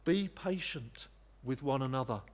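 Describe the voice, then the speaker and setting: A man's voice: medium pitch, lively intonation, unhurried, in a large hall. A man preaching a sermon in an earnest, conversational way, with frequent restarts. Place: church.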